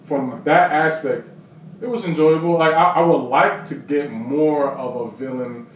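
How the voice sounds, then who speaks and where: A man's voice: a little high, steady tone, a little slow. A man co-hosting a casual anime talk show, easygoing and full of questions. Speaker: podcast co-host. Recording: very echoey room, distant mic, hiss.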